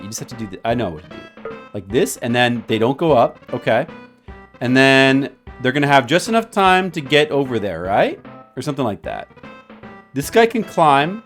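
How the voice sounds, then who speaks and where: A man's voice: mid-range voice, big pitch swings, moderate pace, a bit bright, faint music behind. A man live-streaming a retro puzzle game, chatting playfully and rambling to a viewer while he plays. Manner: playful, rambling, jokingly addresses a viewer by name.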